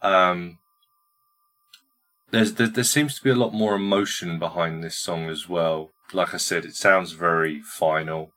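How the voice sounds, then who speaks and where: A man's voice: low voice, fairly even intonation, measured pace, bright, forceful tone. A man co-hosting a podcast, sharing his reactions to music in a casual, hesitant way, with frequent restarts and filler sounds.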